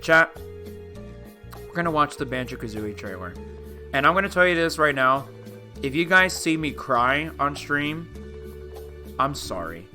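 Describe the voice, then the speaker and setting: Young man, live-stream chat, rambling, heartfelt, casual, clear background music. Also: medium pitch, sharp tone. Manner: emotional, rambling, addresses chat as dude. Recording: clear music playing behind. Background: music playing.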